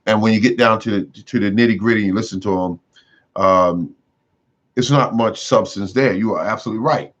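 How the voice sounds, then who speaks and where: A lower-voiced man chats loosely through a home gardening livestream, circling back and repeating his points with lots of fillers. The audio is dull and lo-fi. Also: moderate pace, a bit bright. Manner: rambling, repeats himself, many fillers. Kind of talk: casual livestream chat. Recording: dull lo-fi sound.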